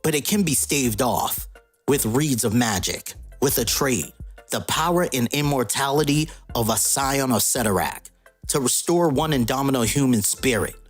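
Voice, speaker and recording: A man's voice: medium pitch, normal speed, husky, soft background music, natural voice. A man reading a fickle immortal goddess daughter. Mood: earnest. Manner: read aloud from a comic.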